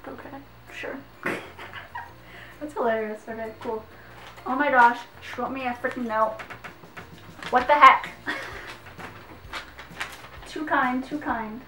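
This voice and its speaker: A young woman with a fairly high voice gushes and giggles as she opens a package, leaning on "like" in nearly every sentence. She sounds a little away from the mic in an echoey room, with faint music underneath. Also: distant mic. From Canada. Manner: excitable and giggly, heavy use of "like". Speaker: vlogger. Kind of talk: casual unboxing vlog.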